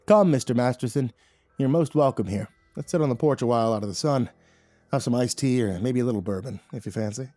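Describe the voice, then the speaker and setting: A man's voice: medium pitch, fast talker, warm tone, no room sound, faint music behind, close to an everyday voice. Gracious weary plantation owner, courteous and eager, dry sound, read by a man. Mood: welcoming.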